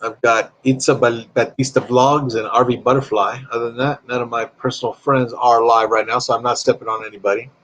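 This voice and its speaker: A man chats loosely through a live stream, drifting between topics and reading viewer comments aloud. His talk is friendly and unhurried, with a voice of ordinary middle pitch. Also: level tone, fairly bright tone, slight background noise. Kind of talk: casual live-stream chat.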